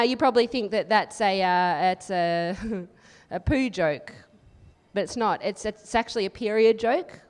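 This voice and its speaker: An Australian woman doing a live stand-up set, chatty and teasing the crowd, with deadpan asides. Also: fairly high pitch, smooth. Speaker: stand-up comedian. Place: live comedy venue. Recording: live room with long reverb.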